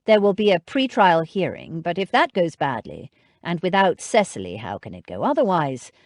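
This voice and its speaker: Woman doing a grim reserved gentleman. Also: lowish voice, sing-song, no room sound, clean studio sound. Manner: grim, measured.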